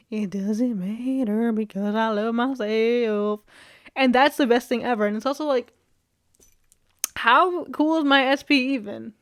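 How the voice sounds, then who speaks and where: A young woman vlogging in a loose, rambling chat, full of fillers, easy laughs and casual swearing. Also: sits high.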